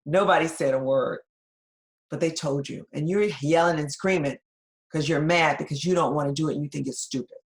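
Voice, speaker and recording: A woman presenting a webinar in a fairly low voice. She talks to her listeners directly and conversationally, often checking in with "right?" as she walks them through a case. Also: fairly even intonation, a little fast. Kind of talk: webinar lecture.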